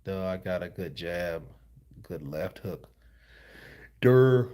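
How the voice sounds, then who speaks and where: A man's voice: low voice, fairly even intonation, unhurried. A tired man hosting boxing commentary, reading viewer comments in a loose, slangy, laid-back way. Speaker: host of a boxing news channel.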